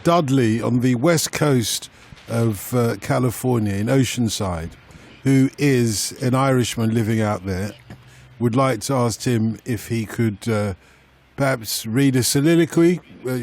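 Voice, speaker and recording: A man's voice: mid-range voice, a little mellow. A man hosting a radio phone-in, reading out listener questions in a chatty, jokey way. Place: radio studio.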